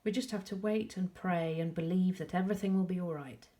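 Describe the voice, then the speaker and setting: A woman reading a story, voicing an angry, frightened father who shouts and then turns tender. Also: on the low side, brisk, lightly acted. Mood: gentle. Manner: loud, raised and strained.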